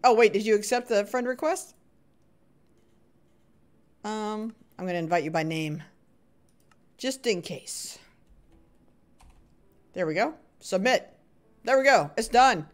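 A woman's voice: mid-range voice, lively intonation, unhurried, long pauses. A woman livestreaming a video game, chatting with viewers, laughing often and calling them sweetheart and buddy. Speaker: gaming livestreamer. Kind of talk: live game commentary and chat.

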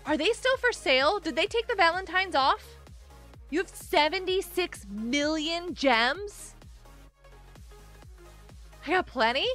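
Very high-voiced, bubbly woman streamer. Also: takes it slowly, long pauses, faint music behind. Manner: excitable, gushing thanks, frequent giggles. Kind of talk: casual live gaming stream chat.

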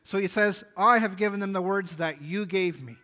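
A man's voice: high voice, normal speed, bright, forceful tone. A man pastor preaching a sermon, reading scripture aloud and explaining it earnestly. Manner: earnest Bible exposition, reading scripture aloud with small restarts.

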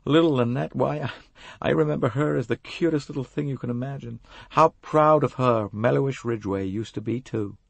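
A man's voice: medium pitch, creaky, dry recording, pitched above the performer's own voice. A man doing an evasive older American businessman. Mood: confiding. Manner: folksy, halting, confiding.

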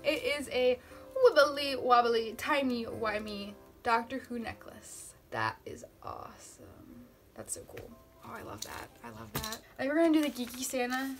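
A young woman vlogging as she unboxes gifts, chatty and gushing with excitement. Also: on the high side, normal speed, soft background music. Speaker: book vlogger. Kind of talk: casual unboxing vlog.

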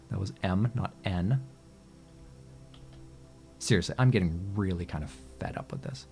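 A man's voice: low-pitched, normal speed, pauses often, darkish tone, husky, soft background music. A man giving casual let's-play commentary at his computer, exasperated, swearing and talking back to the game. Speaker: gaming channel host.

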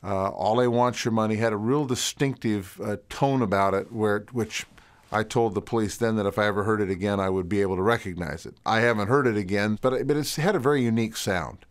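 A man's voice: fairly low pitch, a little fast. A male witness describing a voice he heard, hesitant and full of fillers. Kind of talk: recalled interview testimony.

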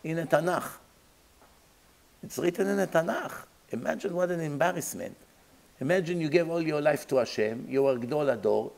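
A man's voice: on the high side, moderate pace, vocal fry, a little mellow, poor audio. A man, a rabbi giving a Torah lecture, emphatic and full of rhetorical questions, acting out imagined dialogues.

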